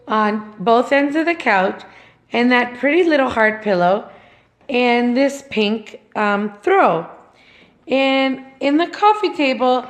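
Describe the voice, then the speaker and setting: Gushing woman with a slightly high voice. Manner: gushing, affectionate and sentimental. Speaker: home decor vlogger. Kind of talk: casual chatty home tour vlog. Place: inside her own home. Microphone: handheld camera she turns around to film.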